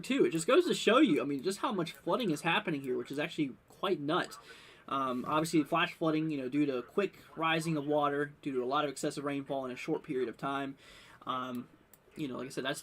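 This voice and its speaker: A young man hosting a live weather stream, rambling with many fillers and bursts of excitement. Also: on the high side. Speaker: livestream weather host. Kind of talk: casual live weather commentary.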